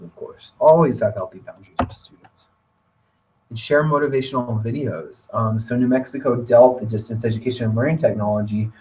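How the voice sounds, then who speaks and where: A man presenting a teacher training webinar, talking in a relaxed conversational way with occasional fillers. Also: medium pitch. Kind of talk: webinar lecture. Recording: voice distant from the mic.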